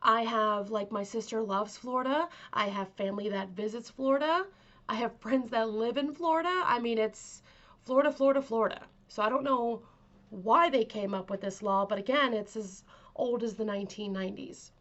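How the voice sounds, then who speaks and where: A woman with a stuffy nose hosting her own channel, chatting casually to camera in a soft, rambling way full of fillers. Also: a little high, normal speed, muffled recording. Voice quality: aims to sound calming and kind. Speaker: vlog host.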